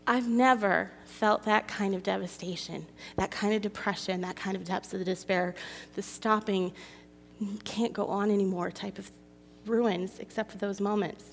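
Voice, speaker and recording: A woman's voice: mid-range voice, steady tone, moderate pace, creaky, slight background noise. A woman reading scripture and giving an emotional, confessional testimony to a women's gathering. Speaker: women's ministry speaker. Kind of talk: personal testimony sermon. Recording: long hall reverb.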